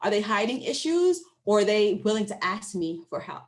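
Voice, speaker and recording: This is a woman scholar walking an audience through her study. Her pitch rises and falls expressively around a middle register. She keeps the talk informal, drawing her listeners in with questions and quick check-ins. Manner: lively and conversational, asks the audience questions and often checks in with "right?"; acts out her interviewees' voices when quoting them. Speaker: university researcher presenting findings. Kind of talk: academic presentation to an online audience.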